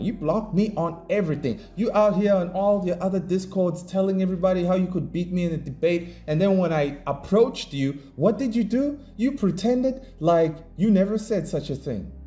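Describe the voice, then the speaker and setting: Angry ranting man, mellow voice. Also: high-pitched. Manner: combative, mocking and insulting. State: pissed off. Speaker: independent comic creator and commentator. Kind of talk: angry commentary rant.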